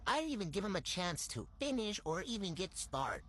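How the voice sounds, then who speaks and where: A woman's voice: mid-range voice, sing-song, brisk, fairly bright tone. A young woman from tells a get-ready-with-me storytime into her phone, blunt, slangy and swearing freely. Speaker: storytime vlogger.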